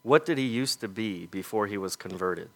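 A man preaching a sermon, earnest and full of rhetorical questions, letting his voice fall soft on key points. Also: fairly low pitch, normal speed.

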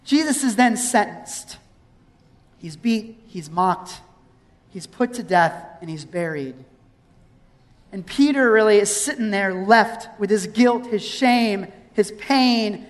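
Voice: medium pitch, slow. Pastor preaching in a reverberant hall. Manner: storytelling, acting out scripture with shifting intensity. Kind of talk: sermon.

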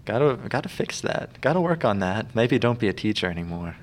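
A man's voice: lowish voice, brisk. A man co-hosting a podcast, chatting casually about a TV episode and laughing often. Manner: laughs often, relaxed banter. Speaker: podcast co-host. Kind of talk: casual chat.

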